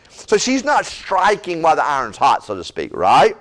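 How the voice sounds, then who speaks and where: Animated preacher, folksy. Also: male voice, fairly high pitch, fairly quick. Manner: animated, folksy, repeats words and asks "right?". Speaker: pastor. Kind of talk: conversational Bible-study sermon.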